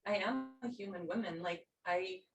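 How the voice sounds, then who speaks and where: A woman's voice: medium pitch, moderate pace. A woman student answers anxiously and defensively, and keeps apologizing. She sits away from the microphone, so her voice sounds roomy and distant. Faint background noise runs under her voice. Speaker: student in a lecture.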